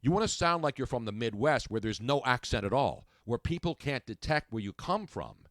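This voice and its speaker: A man's voice: medium pitch, brisk, dry recording. A middle-aged man hosting a talk radio show, joking and telling brash stories in casual on-air banter. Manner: brash, joking, animated storyteller.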